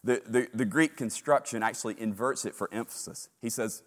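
A male pastor preaching a sermon with animated storytelling, repeating words in quick bursts. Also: medium pitch, big-room sound.

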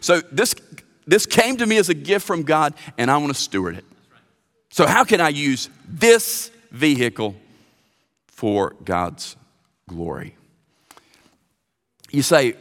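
A man preaching a sermon as pastor, animated and often stammering through restarts. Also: mid-range voice, normal speed, long pauses. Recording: long reverb of a large hall.

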